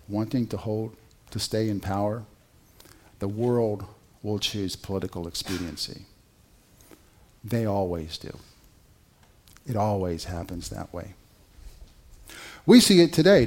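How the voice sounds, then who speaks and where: A male pastor preaching a sermon in an animated, conversational way, with rhetorical questions to the congregation. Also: medium pitch.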